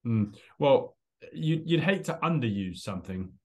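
This young adult man speaks a little slowly at medium pitch while co-hosting a casual podcast. Animated, he tells a story punctuated by frequent laughs and acted-out quotes.

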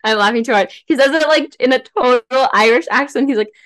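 A woman guest on a podcast, chatting casually and gushing with animated enthusiasm. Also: high-pitched, brisk.

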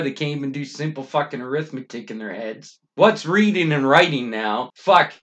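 A man's voice: a little high, a bit bright. Angry swearing man ranting. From Canada. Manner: angry, swearing constantly, emphatic outbursts. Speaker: podcast host. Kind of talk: profane ranting monologue.

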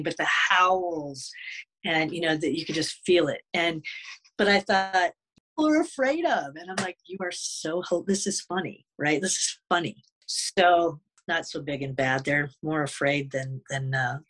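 A man, a wolf advocate guest, telling a story in an interview with many halting restarts. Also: fairly high pitch, sharp tone, poor audio.

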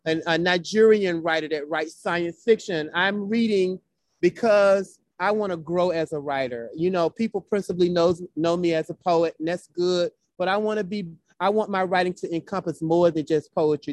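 A poet from Florida, a guest in a heartfelt conversational interview, speaks in a rhythmic, repetitive cadence like a preacher. His voice is a little high, and the recording is dry and studio quality.

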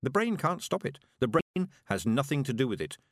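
A man narrates an audiobook from a script, telling the story expressively. His voice sits in the mid-range and moves at a moderate pace, recorded with studio quality and no echo.

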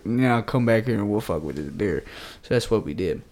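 A man's voice: on the low side, quick pace, gravelly, few pauses, a little mellow. A man on a podcast telling a hunting story in casual, profane slang, acting out the quoted lines and dropping to a whisper for them. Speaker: podcast co-host.

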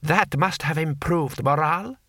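A man voicing a shrill, snarling Lord Hong. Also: moderate pace, pushed and bright, no room sound, studio quality. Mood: shrill, sneering. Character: imperious, cold-tempered male warlord lord.

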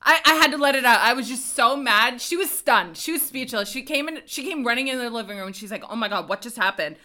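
A woman's voice: high voice, expressive, brisk, sharp tone. A young woman co-hosting a podcast, telling stories in casual chat, laughing often and swearing freely. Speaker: podcast co-host.

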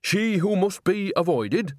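A man reading an audiobook voices a chatty, cunning old witch woman in a high, bright voice. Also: expressive, a little slow, no room sound, clean studio sound.

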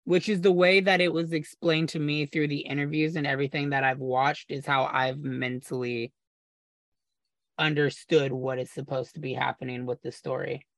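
A man's voice: mid-range voice, flat delivery, moderate pace, no echo. A man co-hosting a podcast, explaining eagerly at length in casual chat and sometimes stumbling over his words. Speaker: podcast co-host.

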